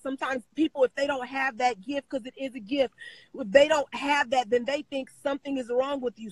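High-voiced woman sharing a personal story. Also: dry recording, low-quality recording. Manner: emotional, repeats phrases, many fillers. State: crying at times. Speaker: interview guest. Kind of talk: personal testimony in interview.

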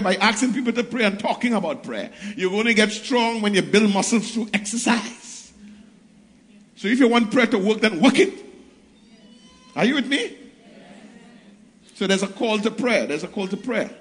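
A man's voice: sits high, fairly bright tone. A man pastor preaching a sermon, reading scripture and calling out to the congregation. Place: church. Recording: echoey church hall.

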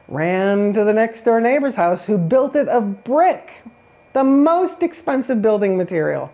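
A woman's voice: mid-range voice, darkish tone. A woman on a spiritual talk show who tells a fairy-tale parable in a chatty, self-deprecating way and laughs often. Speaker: guest.

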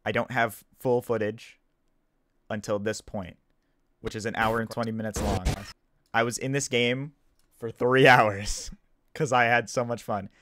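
A man's voice: medium pitch, fairly even intonation, unhurried, background noise. A man, just woken up, explaining himself in a casual video commentary, defensive and stumbling, repeating and restarting his sentences. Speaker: gaming YouTuber.

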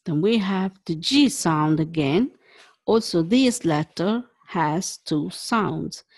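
Slow, husky Italian-accented woman teacher. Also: lowish voice, animated, a little mellow. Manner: slow and deliberate, repeating syllables for the learner. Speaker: language teacher. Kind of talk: slow pronunciation drill.

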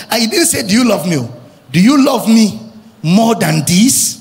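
A male pastor with a Nigerian accent preaching an impassioned sermon, shouting and chanting at the peaks. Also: sits high, lively intonation, normal speed, creaky. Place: church hall. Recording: music and long reverb of a big hall.

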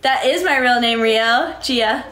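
A woman live-streams in an echoey room, chatting casually as she reads viewer comments and thanks people by name in a breezy, upbeat way. Her voice is a little high, fairly bright and unhurried.

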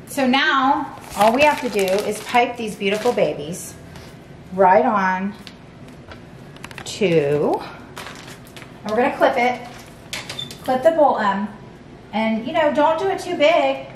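Chatty lady doing a cooking demo, kinda high voice, mic far off in a home kitchen. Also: takes it slowly, pauses often. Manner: chatty and playful, talks straight to the viewer. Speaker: cooking show host. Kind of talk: casual cooking demonstration. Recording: echoey room, mic at a distance, steady background hum.

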